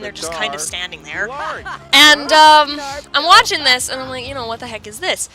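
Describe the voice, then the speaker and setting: A woman hosting a let's play, casually telling a long dream story over the game in a chatty, animated way full of fillers. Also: high-pitched, poor audio. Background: game music.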